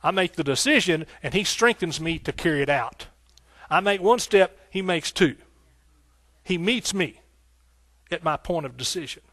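This male preacher has a higher, expressive voice and keeps a moderate pace through his sermon. Fervent and rhythmic, he repeats phrases, calls out hallelujah, and addresses his congregation directly in a folksy manner, all on a dry recording.

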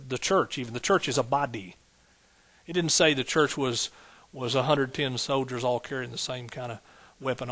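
A man's voice: medium pitch, a bit bright. A man preaching a sermon as pastor, building points through rhythmic repetition and folksy asides.

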